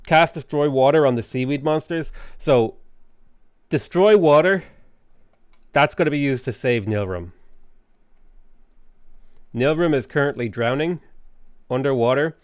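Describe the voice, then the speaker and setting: A man's voice: medium pitch, a little slow, long pauses, clear, resonant tone, dry recording, clean studio sound. Rambling, swearing male streamer. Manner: rambling, swears freely, jokey asides to chat. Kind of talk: casual livestream chat while gaming.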